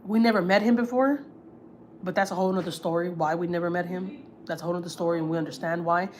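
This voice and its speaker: A woman's voice: fairly low pitch, fairly even intonation, quick pace, a little hiss or hum. A woman, a family vlogger, tells gossip on a livestream in a blunt, heated, profane way. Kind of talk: casual storytelling, gossip.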